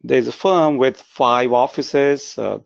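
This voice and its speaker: Gravelly-voiced man presenting a webinar. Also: mid-range voice, slow, no room sound. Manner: earnest, frequent "uh" fillers. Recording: dry, dull lo-fi webinar audio.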